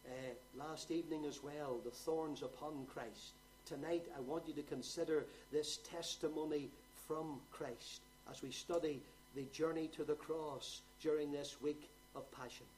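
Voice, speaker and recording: A man's voice: a little high, slight background noise, low-quality recording. Man preaching with rising fervor. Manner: swings from quiet explanation to loud rising exhortation. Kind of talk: sermon.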